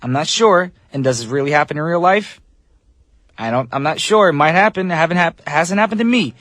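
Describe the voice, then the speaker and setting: A man's voice: a little high, lively intonation, fairly quick, fairly bright tone, no room sound, studio quality. Upbeat chatty male radio DJ. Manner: chatty, upbeat, loose with fillers. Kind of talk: casual radio talk. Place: radio studio. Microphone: studio microphone.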